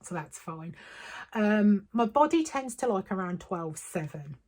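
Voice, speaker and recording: A woman's voice: medium pitch, expressive, unhurried, a little mellow. A woman talking casually to camera as a weight-loss vlogger, chatty and upbeat, with frequent ums. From United Kingdom.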